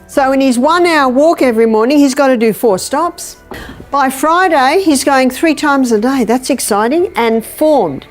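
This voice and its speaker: A woman giving a health lecture, animated and telling a story while she acts out the dialogue. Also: high-pitched, unhurried, faint music behind. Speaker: natural health educator.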